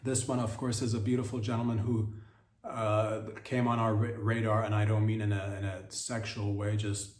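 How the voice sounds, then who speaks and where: A man's voice: fairly low pitch, level tone, normal speed, darkish tone, roomy sound, distant mic. A man hosting a comedy podcast, riffing in an absurd, rambling monologue and often correcting himself mid-sentence. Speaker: podcast host.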